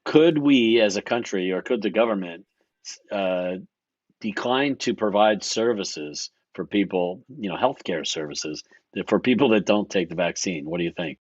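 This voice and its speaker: Man, low voice, dull dry sound, halting questions. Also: expressive, dry recording. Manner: hesitant, halting. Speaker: panelist. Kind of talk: casual panel discussion.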